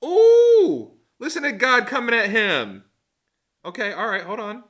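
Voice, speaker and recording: A man giving a casual Bible lesson as a youth pastor, animated and joking, with lots of fillers. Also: high-pitched, moderate pace.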